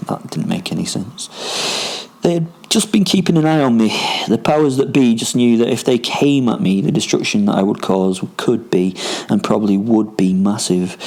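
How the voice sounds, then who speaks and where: A man's voice: fairly low pitch, darkish tone. A man from Rochdale with a Northern English accent, hosting a podcast and telling first-person stories as a boastful ex-soldier werewolf on the run, rambling and swearing with many ums and asides. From Rochdale, England. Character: self-styled werewolf, boastful ex-soldier on the run, male adult. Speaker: podcast host. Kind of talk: in-character first-person storytelling.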